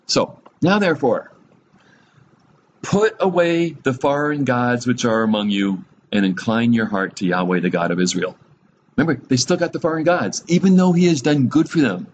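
A man's voice: mid-range voice, lively intonation, moderate pace, a little hiss or hum, poor audio. A man giving a conversational Bible teaching, chuckling often, adding humorous asides and asking his listeners direct questions.

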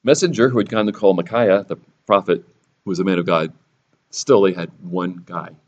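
A man's voice: sits low, normal speed, darkish tone, muffled recording. A man teaching a Bible lesson sermon-style, sarcastic and theatrical, raising his voice for the quoted lines.

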